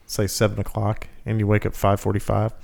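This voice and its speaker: A man's voice: fairly low pitch, monotone, a little fast, creaky, darkish tone. A man co-hosting a podcast in casual chat, rambling and laughing often. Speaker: podcast co-host.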